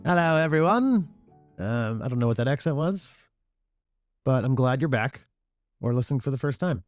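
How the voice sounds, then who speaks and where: A man hosting a podcast, talking in a reflective, unhurried way with frequent fillers and restarts. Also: medium pitch, a little mellow, soft background music. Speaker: podcast host. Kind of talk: casual podcast monologue.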